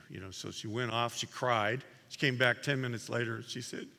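A man's voice: medium pitch, fairly even intonation, brisk, gravelly, few pauses, bright, forceful tone. A man preaching a sermon in a conversational way, animatedly retelling stories to his congregation. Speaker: pastor. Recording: long hall reverb.

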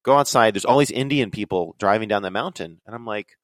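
A young man telling rambling, excitable stories on a podcast, his voice leaping up high when he quotes himself. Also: a little fast, no room sound. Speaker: podcast guest. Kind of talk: casual storytelling chat.

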